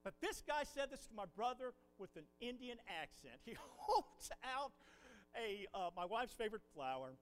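A man's voice: high voice, brisk, few pauses, clean tone, in a large hall, poor audio. A man from Ohio preaching a sermon from the pulpit, telling folksy stories. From Ohio, USA. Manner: folksy storytelling, animated. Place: church pulpit.

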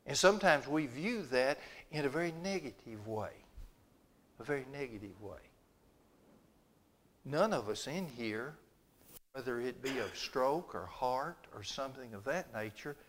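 A man's voice: medium pitch, expressive, a little slow. An older man, preaching a sermon in a chatty, folksy storytelling way, acting out the dialogue.

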